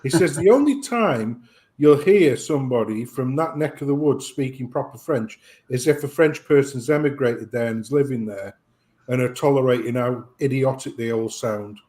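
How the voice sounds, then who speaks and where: A British man on a casual chat show, ranting profanely and telling an animated story. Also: medium pitch, normal speed.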